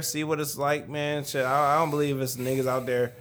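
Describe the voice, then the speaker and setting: A man's voice: medium pitch, level tone, brisk, fairly bright tone, slight background noise. A young man from Detroit in casual chat, telling rambling stories in a slangy way. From Detroit, Michigan.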